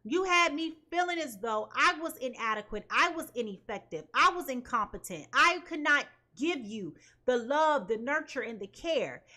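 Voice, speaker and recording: A woman's voice: sits high, expressive, moderate pace, pushed and bright. A woman reading tarot for her viewers in an emphatic way, often checking in with "okay?". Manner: emphatic, keeps asking "okay?". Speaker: tarot reader.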